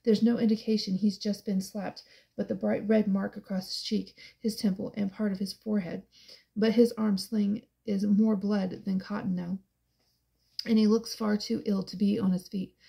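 Gravelly woman narrating an audiobook. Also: mid-range voice, flat delivery, moderate pace, dark tone. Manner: intense, dramatic reading. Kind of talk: first-person audiobook narration.

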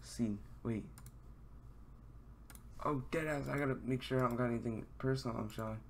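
Young male streamer, excitable and foul-mouthed, casual desk mic, faint keyboard clicking behind. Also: mid-range voice, normal speed, creaky, a little hiss or hum. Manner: excitable, swears a lot, fanboying. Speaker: gaming live streamer. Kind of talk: casual live-stream commentary. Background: keyboard typing and mouse clicks.

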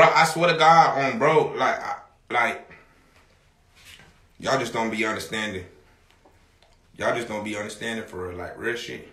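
A man hosting a livestream, talking casually to his viewers in a loud, rambling, profane way and often shouting. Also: sits high, echoey room.

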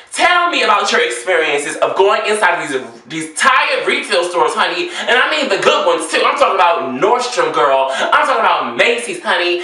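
A man's voice: high voice, bright, forceful tone. A man vlogging about fashion and customer service in a dramatic, flamboyant rant, calling viewers girl and honey. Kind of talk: sassy ranting monologue to viewers. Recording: echoey room, distant from mic.

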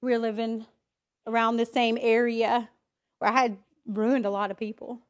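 A woman's voice: a little high, little pitch movement, normal speed. A woman sharing a candid personal testimony at church, telling her story with emotion and acting out her own inner voice. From Idaho, US. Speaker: church speaker giving testimony.

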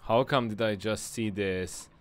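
A man's voice: fairly low pitch, fairly even intonation, measured pace. A man streaming a video game, giving casual commentary and muttering frustrated asides to himself.

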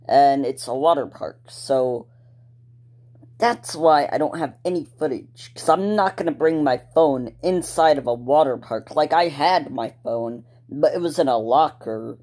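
A man's voice: medium pitch, a little mellow. A male YouTuber talking casually to his viewers, rambling with lots of ums, restarts and laid-back slang. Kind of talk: casual talk to camera.

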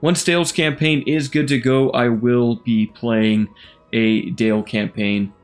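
A man's voice: medium pitch, steady tone, measured pace, soft background music. A man casually talking through a strategy game campaign as he plays, rambling and thinking aloud with fillers. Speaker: gaming YouTuber. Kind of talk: casual gameplay commentary.

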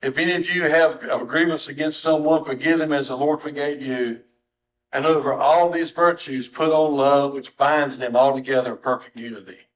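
A middle-aged man, preaching a sermon as pastor in a church, swinging from soft, low tones to high, strained cries. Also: steady tone, normal speed, low-quality recording. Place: church sanctuary.

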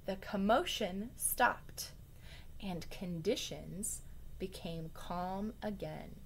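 A teacher, a woman with a mid-range voice, reads a story aloud expressively to her students, a little slowly. She mixes in casual, chatty asides to the children.

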